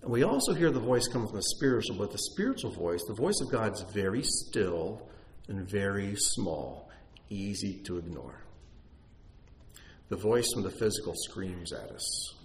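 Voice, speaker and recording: A man teaching a congregation in an animated, conversational sermon, with self-deprecating asides. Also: fairly low pitch, moderate pace. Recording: echoey room, faint noise.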